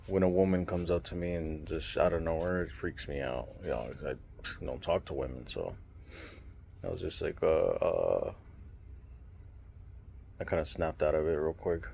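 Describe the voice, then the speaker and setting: A man's voice: rumbling low, normal speed, vocal fry, a little hiss or hum. A young man rambling casually in a late-night vlog, telling stories with lots of fillers. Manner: rambling, relaxed storytelling with many fillers. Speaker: vlogger and streamer.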